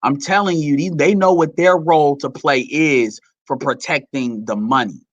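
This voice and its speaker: A man's voice: fairly high pitch, moderate pace, no echo, dull audio. A man giving heated, profane, rambling commentary to his audience. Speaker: commentary vlogger.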